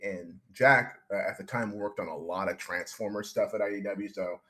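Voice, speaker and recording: A man's voice: lowish voice, normal speed, hardly any pauses, fairly bright tone. A young man, a comic book writer, talking casually in an interview, rambling enthusiastically with many restarts.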